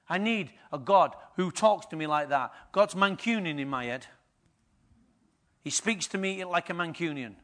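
Speaking at normal speed in an expressive voice on the high side, a male pastor delivers his sermon by peppering the congregation with rhetorical questions. He swings between quiet and loud passages.

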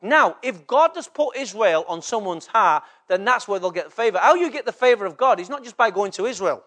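A man's voice: high voice, animated, fairly quick, bright, forceful tone. A man from England preaching a sermon as a pastor, often checking in with the congregation through short rhetorical questions.

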